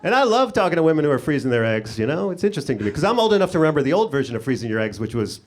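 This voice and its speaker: A man's voice: big pitch swings, rapid-fire. Sarcastic male comedian, live club set. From United States. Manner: sarcastic, jumps up in pitch for punchlines and acted-out voices. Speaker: stand-up comedian. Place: comedy club stage before a laughing audience.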